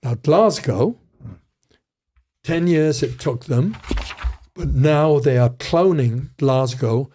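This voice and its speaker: A man's voice: mid-range voice, slow, long pauses, warm tone, a little hiss or hum. An older man, a criminology professor, telling rambling stories with frequent restarts in a casual interview.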